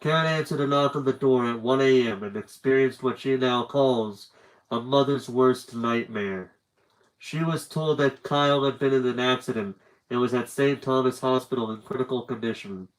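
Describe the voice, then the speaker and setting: A man reading a book aloud on a livestream, telling the story in a steady, earnest way. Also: medium pitch, moderate pace, low-quality recording. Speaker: reader.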